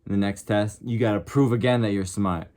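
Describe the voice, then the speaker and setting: A man's voice: fairly low pitch, steady tone, fairly quick, a little mellow. A young man vlogging in a casual, rambling way, earnest and passionate, with lots of "like" fillers. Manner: rambling, heavy use of "like". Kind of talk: casual talk to camera.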